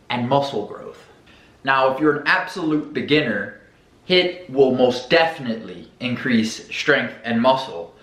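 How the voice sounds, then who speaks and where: A man explains workout science as a comedic fitness host, cracking crude jokes in an animated way. His mid-pitched voice echoes around a roomy space. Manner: jokey, profane and animated. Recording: echoey room.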